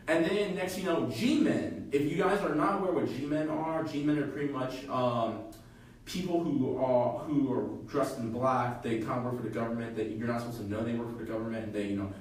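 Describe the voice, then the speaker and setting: A man casually retelling a fan fiction story on a podcast, halting and full of fillers. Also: medium pitch. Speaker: podcast co-host. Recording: echoey room, from far off.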